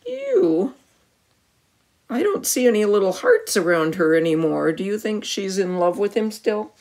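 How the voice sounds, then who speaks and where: A woman reading a picture book aloud to a child, animated, with gasps and questions for the listener. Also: medium pitch, normal speed.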